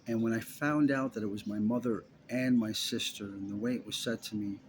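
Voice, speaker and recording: A man's voice: fairly low pitch, fairly even intonation, fairly quick, a little hiss or hum. A man telling a personal story straight to the listener in an intense, emphatic way, often repeating himself.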